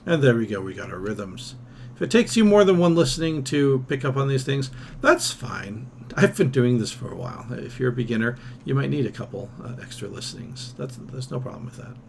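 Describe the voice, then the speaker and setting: A man's voice: mid-range voice, sing-song, brisk, creaky, a little mellow, slight background noise. Man teaching ear training, singing solfège. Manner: thinks aloud, sings solfège and scat syllables to demonstrate; casual, self-deprecating asides. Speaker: music theory teacher. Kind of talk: recorded ear-training lesson.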